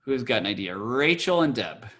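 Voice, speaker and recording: A man's voice: medium pitch, very animated, fairly bright tone. A man teaching an online class as cantor, calling on students in an encouraging way over a video call. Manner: slow, encouraging, calls on students.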